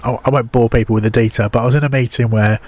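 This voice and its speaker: A man with a Southern English accent co-hosting a casual sports chat show, rambling and breaking into excited bursts. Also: medium pitch, rapid-fire. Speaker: co-host.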